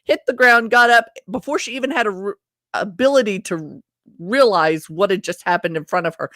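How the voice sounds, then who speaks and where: A woman's voice: fairly high pitch, lively intonation, normal speed, a bit bright, no room sound, clean studio sound. A woman vlogger telling a personal story in a chatty, self-deprecating way, speaking straight to her viewers. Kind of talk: casual storytelling to camera.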